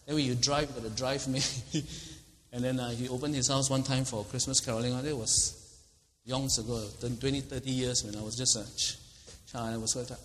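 A man, preaching a sermon in an animated way, acting out quotes with big leaps in pitch and chuckling often. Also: a little fast, a little hiss or hum. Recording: long reverb of a large hall.

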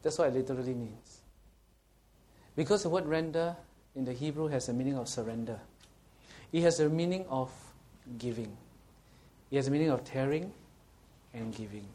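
A man preaches with a voice sitting a little above the usual male range. He tells stories with laughter, then slows down to read scripture, and keeps asking the listeners questions. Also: fairly high pitch. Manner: anecdotal, animated preaching with laughter and rhetorical questions. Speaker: pastor. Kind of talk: sermon.

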